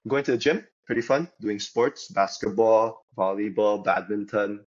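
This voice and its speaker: A young man chats as a podcast guest in a relaxed, upbeat way, laughing easily. His voice sits fairly low. The recording sounds dull and lo-fi. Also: measured pace. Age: young adult. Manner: easygoing, chatty and upbeat, laughing often. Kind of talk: casual podcast chat.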